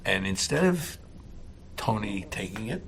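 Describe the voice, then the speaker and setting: A man's voice: fairly low pitch, big pitch swings, a little slow, gravelly, fairly bright tone, slight background noise. A man telling an anecdote with amused, dramatic delivery. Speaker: interviewee recalling a studio incident. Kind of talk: animated anecdote.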